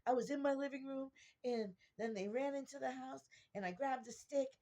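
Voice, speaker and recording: An agitated young man rattles off a wild story, louder and higher than the woman doing him normally speaks. The delivery is breathless and worked-up, with a gravelly edge. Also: normal speed. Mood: excited. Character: excited, agitated young male friend.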